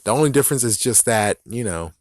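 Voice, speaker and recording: A man's voice: mid-range voice, expressive, fast, no room sound, clean studio sound. A man giving a ranting commentary on games, exasperated and profane, repeating himself as he vents. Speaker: gaming vlogger.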